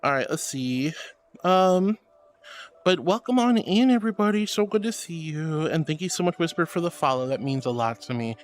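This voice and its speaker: High, lively man greeting chat sweetly. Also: moderate pace. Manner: affectionate, greets viewers with pet names; reads chat messages aloud. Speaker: VTuber streamer. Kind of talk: casual live-stream chat. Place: VRChat stream.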